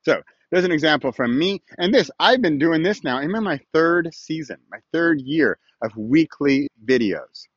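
A man's voice: on the high side, animated, normal speed, few pauses, slightly rough, dry recording, highs cut off. A man hosting his own weekly video podcast, chatting casually and rambling a little while he films himself outdoors. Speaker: podcast host. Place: outdoors with a morning view.

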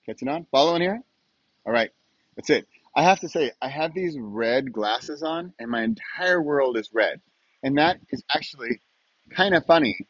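A man's voice: medium pitch, husky, dry recording, highs cut off. A middle-aged man hosting his own podcast in a casual solo monologue, chatty and often asking the listener questions. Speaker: podcast host.

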